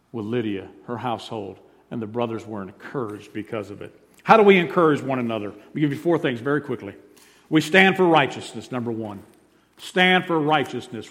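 A man preaching a sermon as pastor, emphatic, repeating his points and swinging between loud and soft. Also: mid-range voice. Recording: long hall reverb.

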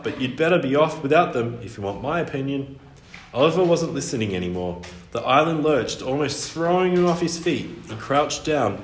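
A man reading a children's storybook aloud in an expressive narrating voice. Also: medium pitch. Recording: echoey room, faint hiss.

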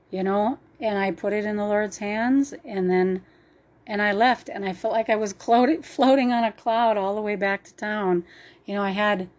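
A woman's voice: mid-range voice, a little mellow. A woman telling a personal faith story in an earnest, emotional way. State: choked up at times.

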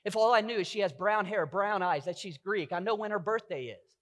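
A man's voice: sits high, a little fast, fairly bright tone. A middle-aged man preaching a sermon as pastor, earnest and full of rhetorical questions.

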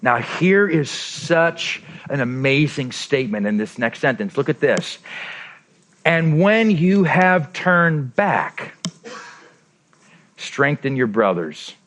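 A male pastor preaching a sermon, acting out quoted lines with lively swings between emphatic and soft, intimate tones. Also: medium pitch, slow pace. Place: church.

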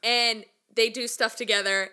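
Young woman, high and bright, lively casual storytelling with acted-out quotes. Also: a little slow, clear, resonant tone. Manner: animated storyteller, laughs often, acts out quotes. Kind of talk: casual chat.

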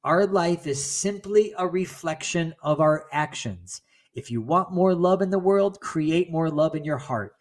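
A man voicing a wise father who calmly explains a lesson to his son in a story he reads aloud. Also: a little high, lightly acted. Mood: calm instructive. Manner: calm, instructive, unhurried.

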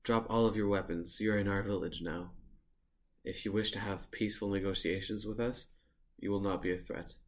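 A man's voice: fairly low pitch, steady tone, normal speed, close to an everyday voice. A man voicing a fierce young woman warrior who gives curt, threatening orders.

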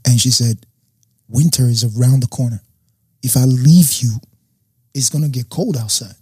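A man's voice: mid-range voice, normal speed, breathy edge, no room sound. A young man, a guest, telling a personal story in casual talk and acting out what people said. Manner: animated storyteller acting out quotes.

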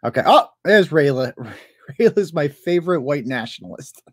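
A man with a somewhat high voice and lively intonation speaks at a moderate pace, recorded dry and studio-clean on a computer mic. He hosts a casual commentary stream over clips, sarcastic and mocking and laughing often.

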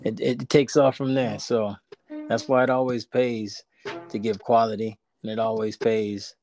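A man's voice: lowish voice, level tone, a little slow, a little mellow. A man, chatting on a podcast and telling a rambling story with many restarts. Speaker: podcast co-host. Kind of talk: casual podcast chat.

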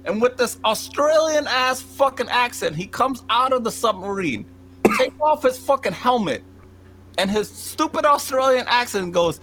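A man's voice: extremely high pitch, moderate pace. A young man telling a long comic story to friends, swearing constantly and acting out the lines he quotes. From Cambodian. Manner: animated, heavy swearing, acts out quotes. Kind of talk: profane comedic storytelling among friends.

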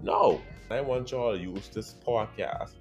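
A man with a Bahamian accent, hosting a podcast in a chatty, expressive monologue that speaks straight to his listeners. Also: fairly low pitch, unhurried, soft background music. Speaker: podcast host.

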